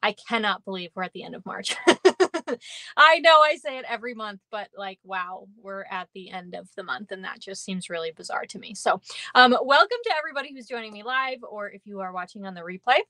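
A woman's voice: mid-range voice, lively intonation, fairly quick, sharp tone, dry recording. A woman hosting a live stamping class, chatting casually and rambling with many fillers and frequent laughs. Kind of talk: casual livestream chat.

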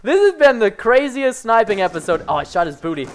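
A young man giving excitable live commentary over his own gameplay, swinging between frustration and excited yelps. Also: very high voice, brisk, a little hiss or hum. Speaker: gaming commentator.

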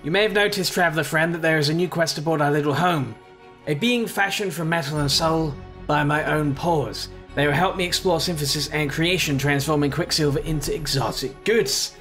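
A man lends his voice to a small beaked alien trader, eager and friendly. The alien talks in stiff, formal phrases, pitched a touch high. Faint music plays underneath. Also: brisk, fairly bright tone, natural voice. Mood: coaxing. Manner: formal, oddly worded speech.

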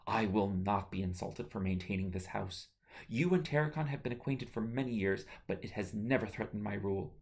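A woman's voice: a bass voice, a little fast, a little mellow. A man reading his own novel aloud, voicing a stern queen mother who scolds her children in a harsh tone. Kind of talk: audiobook narration.

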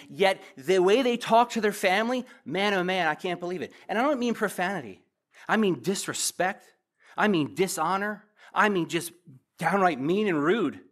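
A man's voice: high-pitched, a bit bright. A man preaching as a pastor, teaching verse by verse and asking the congregation direct questions.

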